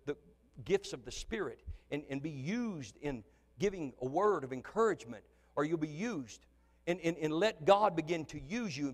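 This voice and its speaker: High-voiced pastor preaching in a reverberant hall. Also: male voice. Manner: animated preaching that swings between shouting and soft asides. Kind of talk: sermon. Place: church sanctuary. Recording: long church hall reverb.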